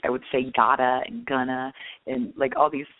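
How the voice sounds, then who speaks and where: A woman guest telling her own story in an interview, chatty and animated, full of "like" and "you know". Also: extremely low pitch, normal speed. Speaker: guest, past-life regression client. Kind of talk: personal storytelling in a phone interview. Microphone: telephone. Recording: tinny phone line.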